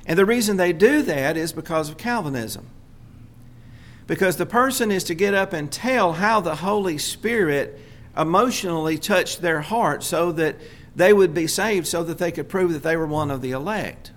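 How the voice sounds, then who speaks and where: A man preaching a sermon, speaking deliberately and repeating key phrases for emphasis. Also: a little high, a bit bright, a little hiss or hum.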